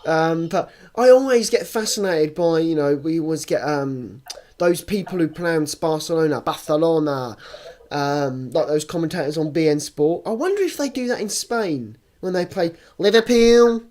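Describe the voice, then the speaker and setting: A man's voice: a little high, lively intonation, moderate pace, darkish tone. Rambling young man on a podcast. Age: young adult. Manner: rambling, teasing, hesitant with many fillers. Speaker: podcast co-host. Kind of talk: casual chat.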